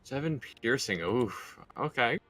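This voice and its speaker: Lively relaxed man as dungeon master. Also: mid-range voice, measured pace, music in the background. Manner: explains rules and calls turns in a relaxed, conversational way. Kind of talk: running a tabletop game.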